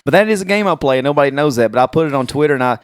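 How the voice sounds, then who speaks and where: A man's voice: medium pitch, racing, no echo, studio quality. Chatty man telling stories on a podcast. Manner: animated storyteller acting out quotes. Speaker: podcast co-host. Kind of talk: casual chat.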